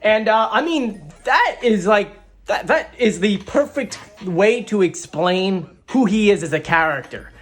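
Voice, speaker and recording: A man hosting a casual video, chatting excitedly and a little boastfully to his viewers. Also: sits high, unhurried. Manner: excitable and animated, playfully boastful. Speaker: video host breaking down a TV singing show. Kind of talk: casual chatty commentary to camera.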